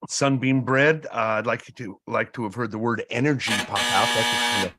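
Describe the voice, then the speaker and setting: Measured man casting director giving notes. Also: mid-range voice, steady tone, heavy background noise. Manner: measured critique with many pauses and "um"s. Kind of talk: live feedback to a contestant.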